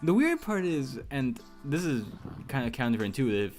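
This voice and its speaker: A stream co-host and Spanish speaker in casual live chat, animated and laughing often. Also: medium pitch, moderate pace. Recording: faint music behind.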